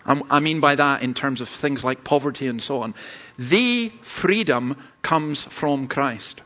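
A man's voice: mid-range voice, measured pace, sharp tone, muffled recording. A Scottish man, a pastor preaching a sermon, earnest and self-deprecating, with stumbling restarts. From Scotland.

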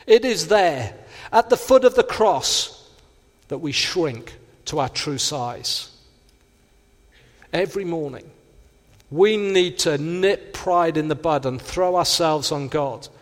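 A man preaching a sermon, earnest and direct, now and then slipping into little acted-out inner voices. His voice sits high for a man. The sound rings out with a long reverb, as in a large hall.

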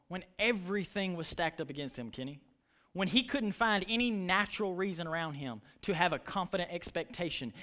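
High-voiced impassioned pastor. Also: male voice, sharp tone. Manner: impassioned preaching, retelling stories with voices. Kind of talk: sermon.

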